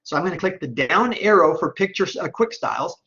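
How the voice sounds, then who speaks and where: A man teaching an online class, talking step by step through a screen-recorded software tutorial and checking in often with "okay?". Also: high-pitched, big pitch swings, a little fast, vocal fry, highs cut off. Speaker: online instructor.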